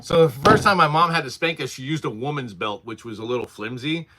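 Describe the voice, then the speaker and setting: A man's voice: medium pitch, a little fast, heavy background noise. A man in his forties hosting a casual livestream from his workshop, rambling through stories and laughing often while answering chat. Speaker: livestream host.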